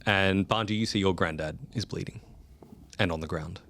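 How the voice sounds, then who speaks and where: A man's voice: low voice, moderate pace, a bit bright, slight background noise. A man narrating a tabletop role-play game as game master, in vivid, descriptive narration.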